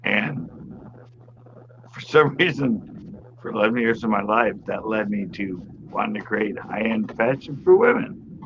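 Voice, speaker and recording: A man's voice: fairly low pitch, animated, a little slow, fairly bright tone. A middle-aged man chatting casually as a guest on a livestream, telling stories and laughing often. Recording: slightly dull sound, faint noise.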